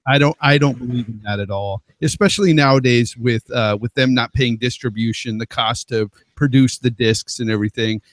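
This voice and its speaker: A man's voice: medium pitch, a little fast, few pauses, no room sound. A man arguing his point emphatically in a casual podcast roundtable debate. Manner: emphatic, argumentative. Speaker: podcast panelist.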